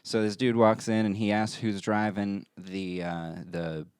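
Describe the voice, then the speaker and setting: A man's voice: fairly low pitch, level tone, unhurried, darkish tone, smooth, no room sound, clean studio sound. A man co-hosting a podcast, telling a long crude story with swearing and frequent laughs. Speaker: podcast co-host. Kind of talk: casual podcast banter, storytelling.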